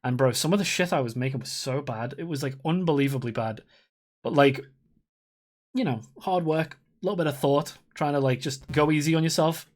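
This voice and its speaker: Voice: medium pitch, fairly quick, a little mellow. A streamer in their thirties, chatting casually and rambling while playing a game, swearing freely and laughing often. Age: 30s. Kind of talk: casual live-stream chat while gaming.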